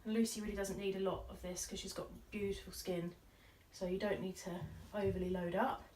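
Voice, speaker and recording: Speaking briskly in a medium-pitched, darkish voice with little pitch movement, a woman does makeup while casually explaining the look, tutorial-style. She's chatty and playful, slipping in giggly side comments, and the slightly distant mic carries faint background noise.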